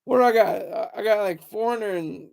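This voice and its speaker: A young man ranting casually to his viewers, taunting critics in a loud, rambling way. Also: high voice, fairly quick, vocal fry. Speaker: streamer talking to viewers. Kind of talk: casual livestream rant.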